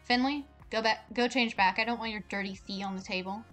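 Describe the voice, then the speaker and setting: A woman's voice: fairly high pitch, fairly even intonation, a little fast, fairly bright tone, faint music behind, close to an everyday voice. A woman voicing an aloof young male assistant manager and magic apprentice, in a curt, dry way close to her own voice.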